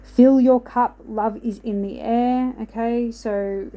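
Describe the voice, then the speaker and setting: A woman's voice: on the high side, fairly even intonation, slow, dull audio. Woman giving a rambling oracle card reading. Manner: rambling, reassuring, says "okay" often. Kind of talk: casual spiritual card reading.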